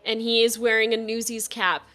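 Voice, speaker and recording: A woman's voice: a little high, flat delivery, normal speed, a bit bright, soft background music. A woman narrating a tabletop game as game master in a casual, chatty way. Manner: casual, chatty, with fillers and laughs.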